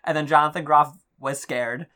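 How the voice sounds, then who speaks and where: A man's voice: a little high, moderate pace. A man co-hosting a podcast, chatting casually and telling gossip with lots of filler words. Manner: gossipy, many likes and ums, animated storytelling. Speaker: podcast co-host. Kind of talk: casual chat.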